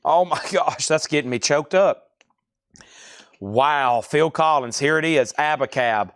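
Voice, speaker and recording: A man's voice: fairly high pitch, fairly bright tone, no room sound, clean studio sound. A man hosting a live-streamed record sale, rattling off items and prices with chatty asides. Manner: rapid item-and-price listing, chatty asides.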